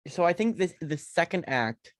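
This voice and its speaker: A man co-hosting a podcast in casual chat, relaxed and joking while he pitches story ideas. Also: normal speed, dry recording. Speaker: podcast co-host.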